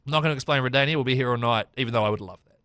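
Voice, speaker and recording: A man's voice: medium pitch, very fast, a bit bright. A man, co-hosting a podcast and eagerly telling stories in casual chat, laughing often. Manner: enthusiastic storyteller, laughs often. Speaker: podcast co-host.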